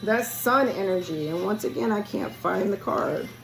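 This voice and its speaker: A woman's voice: mid-range voice, moderate pace, creaky, rough recording. A woman giving a casual spiritual card reading, chatty and loose with her words, talking straight to the listener and losing her voice. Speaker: tarot reader. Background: music playing.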